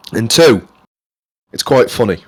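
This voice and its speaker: A man's voice: medium pitch, noisy background. Young man chatting, rambling and profane. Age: young adult. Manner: rambling, profane, lots of fillers. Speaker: podcast co-host. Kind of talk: casual chat.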